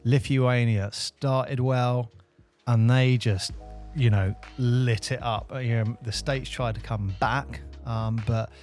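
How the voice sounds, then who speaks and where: A man's voice: mid-range voice, steady tone, takes it slowly, darkish tone, soft background music. Chatty British man with rambling talk. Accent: British English. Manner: chatty, rambling with fillers and restarts. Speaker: podcast co-host. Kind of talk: casual chat.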